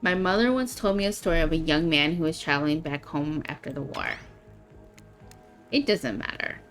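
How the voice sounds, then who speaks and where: A playful, dry-humored woman in a video game swaps stories and teases. Her voice sits low and relaxed, with soft music underneath. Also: normal speed. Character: adult woman, playful storyteller, teasing.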